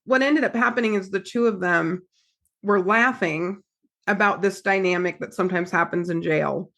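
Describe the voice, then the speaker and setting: An American woman therapist talks casually on a podcast. She tells stories in an animated way and acts out what people said. Her voice sits at an ordinary middle pitch. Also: normal speed. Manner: animated storyteller, acts out quotes. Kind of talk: casual storytelling chat.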